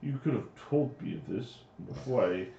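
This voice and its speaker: A man voicing his character at a gaming table, blustering and indignant. His pitch swings widely as he talks. The sound is dull and roomy, like a home recording. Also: animated, normal speed, gravelly, mellow, slight background noise. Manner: blustering, indignant, theatrical outbursts. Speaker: player. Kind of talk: in-character tabletop role-play.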